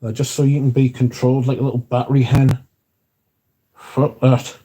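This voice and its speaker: A man's voice: medium pitch, level tone, moderate pace, dark tone, slightly rough. A man hosting a casual livestream, chatting and reading out viewer comments, swearing freely. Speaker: livestream host reading chat. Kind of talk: casual chat.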